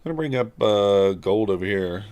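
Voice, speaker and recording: A man casually talking through his own trades on a live stream, low-key and muttering his thoughts aloud. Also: expressive, moderate pace, darkish tone, smooth. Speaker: livestream futures trader.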